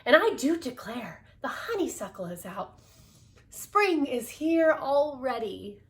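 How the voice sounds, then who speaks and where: Brief: woman playing a gentle, dreamy storybook lady, soft and lilting. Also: high-pitched, big pitch swings, slow pace, voice pushed up, exaggerated voice. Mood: wistful.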